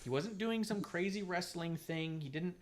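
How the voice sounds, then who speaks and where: A man co-hosting a casual talk stream, animated and profane, who often mimics others in a mocking voice. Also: high voice, normal speed. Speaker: podcast co-host. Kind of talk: casual chat. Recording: online stream.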